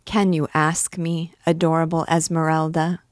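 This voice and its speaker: A woman reading aloud, voicing an earnest, talkative young male poet who pleads gallantly, in a low, dry voice. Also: little pitch movement, normal speed, dry recording, lightly acted. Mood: ardent.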